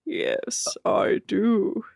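A woman doing a slow, low, droning impression of a gloomy deadpan young man who seems as lifeless as a walking coffin. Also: vocal fry, no echo, clean studio sound, exaggerated voice.

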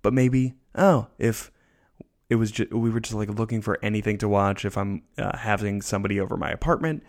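A man's voice: fairly low pitch, a little fast. A tired man hosting a podcast, rambling loosely through a casual review with self-deprecating asides. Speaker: podcast host.

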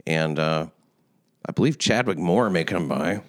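A man's voice: low-pitched, expressive, unhurried, no room sound, clean studio sound. A man hosting a podcast, chatting about crime news with hesitant, sardonic asides. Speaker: podcast host. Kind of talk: casual crime-news chat.

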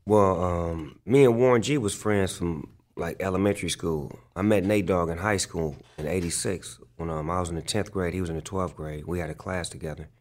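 In a casual interview, a male rapper tells stories in a loose, profane style, full of fillers and constant "like." His voice is low and darkish, fairly quick, with hardly any pauses.

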